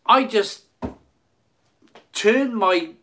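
A man's voice: sits high, drawn-out words, background noise. A man hosting a casual live stream from his phone, repeating phrases and stumbling over words. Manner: excited hyping, then soft and emotional.

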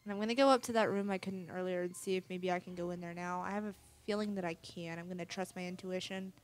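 A woman's voice: on the low side, steady tone, quick pace. A woman casually commenting on a horror game she is playing, reading its text aloud and swearing now and then. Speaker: let's play gamer.

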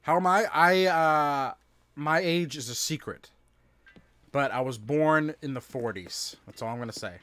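A man in his thirties chatting casually on a live stream as he plays, reading and answering his chat aloud with quick exclamations at the game. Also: a little high, fairly bright tone, dry recording. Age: 30s.

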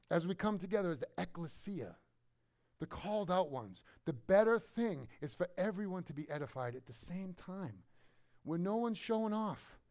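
A man preaching a sermon to his congregation in a conversational, animated way, sometimes mimicking other people. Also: high-pitched. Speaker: pastor.

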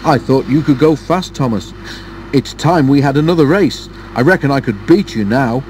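A man's voice: medium pitch, animated, moderate pace, darkish tone, a little hiss or hum, close to an everyday voice. A man voicing a male red bus with a teasing, boastful manner in a storybook reading. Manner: teasing, cheeky.

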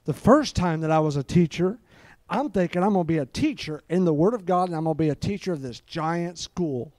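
Middle-aged male preacher, fervent and exclamatory, slightly high-pitched, dry sound. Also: a little mellow, no room sound. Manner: fervent, peppered with hallelujahs. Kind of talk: live sermon.

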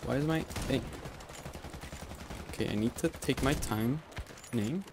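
A young man giving live gameplay commentary as channel host, rambling and often laughing or yelling at the game. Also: medium pitch, a little slow, noisy background.

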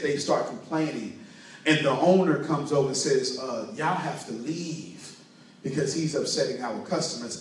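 A man's voice: mid-range voice, a little hiss or hum. A man giving a motivational sermon, preaching emphatically and telling a story to a responsive crowd. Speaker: motivational speaker. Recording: very echoey room, distant mic.

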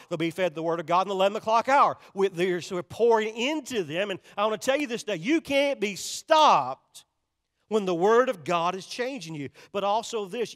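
A man preaching in a large church, his notably high voice trailing a long reverb through the sanctuary. He drives his points home with emphatic repetition and direct appeals to the congregation. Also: a bit bright. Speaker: pastor. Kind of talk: sermon.

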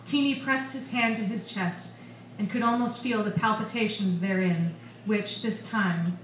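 A woman's voice: mid-range voice, measured pace, a little hiss or hum. Woman author, live fiction reading, roomy bar sound heard from a distance. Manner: expressive storytelling. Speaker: author reading her novel. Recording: echoey bar recorded from far off, faint ambience.

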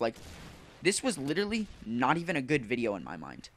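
A gaming YouTuber with a mid-range, fairly bright voice races along, his pitch swooping wildly. In casual commentary over gameplay, he rambles, swears, and rants about his frustration.

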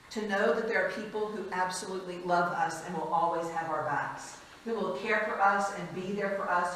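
A frank, lively woman speaking from a stage, telling stories and acting out the people she quotes. Her voice sits a little low, and it rings through a big echoey hall. The mic is well away from her, with a faint hum of ambience behind. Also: distant mic. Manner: lively, frank, laughs often, acts out quotes. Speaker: conference speaker, former hospice chaplain. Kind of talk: storytelling conference talk.

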